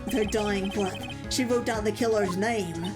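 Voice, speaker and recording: Woman doing a gruff male detective. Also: mid-range voice, steady tone, measured pace, over loud music, close to an everyday voice. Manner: tacks "see?" onto sentences. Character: gruff male police detective, blunt and bossy. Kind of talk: game voice-over read-aloud.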